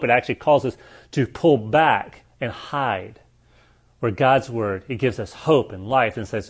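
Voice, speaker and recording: Earnest man preaching a conversational sermon. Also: medium pitch. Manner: earnest, shifts between lively storytelling and quiet reflection.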